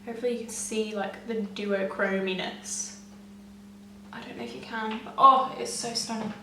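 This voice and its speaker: A young woman gushing excitedly to camera as a beauty vlogger, chatty and often laughing. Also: a little high, normal speed, a little hiss or hum. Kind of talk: casual chat to camera. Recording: echoey room, mic at a distance.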